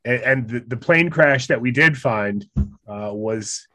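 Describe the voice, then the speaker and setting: Recalling a hard trip outdoors during a relaxed chat, a man leans on self-deprecating humor and laughs a lot. The dry recording carries his mid-range, sharp-toned voice at a slightly slow pace.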